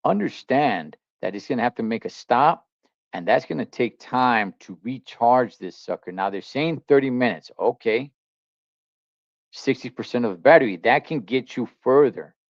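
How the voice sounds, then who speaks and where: A man's voice: mid-range voice, no echo, dull audio. A man, talking in a blunt, slangy, skeptical way as a trucker streamer reacting to a video. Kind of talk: casual reaction commentary.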